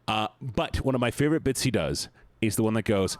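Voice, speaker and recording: A young man streaming and chatting casually with viewers, rambling, swearing and breaking into sudden high-pitched outbursts. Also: animated, fairly quick. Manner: rambling with restarts, talks to chat. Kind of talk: casual live-stream chat while gaming.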